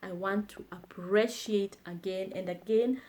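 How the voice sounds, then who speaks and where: Slow-paced woman teaching phrases. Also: mid-range voice, steady tone, a little mellow. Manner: slow, repeats phrases for learners. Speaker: language teacher. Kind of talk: slow language lesson.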